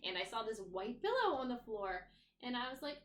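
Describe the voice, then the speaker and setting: A woman's voice: fairly high pitch, sing-song, a little fast, a bit bright, echoey room, slight background noise. A woman in her thirties co-hosting a podcast, chatting casually and laughing often as she tells stories. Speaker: podcast co-host. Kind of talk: casual chat.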